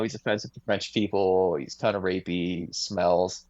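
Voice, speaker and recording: A man's voice: low-pitched, normal speed, a little mellow, dry recording. A man co-hosting a podcast, telling a long anecdote in a rambling way with many fillers. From United States. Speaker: podcast co-host. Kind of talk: casual podcast storytelling. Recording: dull lo-fi dry audio.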